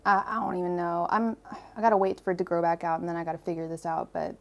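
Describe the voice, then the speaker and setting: Hosting a tarot livestream, a young woman from Ireland chats and rambles, welcoming viewers by name. She speaks fast in a fairly low, level, gravelly voice, and the highs are cut off.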